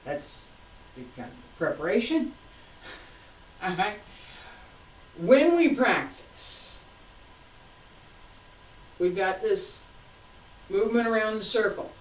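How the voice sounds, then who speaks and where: Slow, patient woman instructor, roomy and distant. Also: medium pitch, expressive, slight background noise. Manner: patient, cueing moves while demonstrating. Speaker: martial arts instructor. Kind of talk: spoken class instruction. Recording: roomy sound, mic far off.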